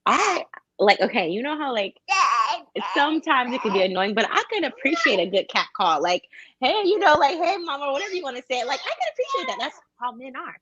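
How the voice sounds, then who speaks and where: A woman's voice: on the high side, very animated, fairly quick, dull audio, a crowd in the background. A woman chatting casually on a podcast, with many fillers.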